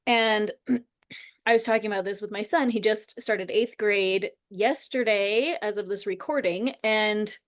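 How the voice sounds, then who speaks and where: A woman's voice: medium pitch, fairly even intonation, a little slow. A woman in her thirties or forties hosting a casual chat, telling a personal story earnestly and rambling, full of "like.". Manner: earnest, rambling, heavy use of "like". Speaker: host.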